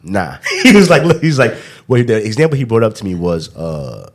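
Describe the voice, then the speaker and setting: A man's voice: mid-range voice, big pitch swings, fairly quick. A man hosting a podcast in casual chat, rambling with frequent laughs and fillers. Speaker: podcast host.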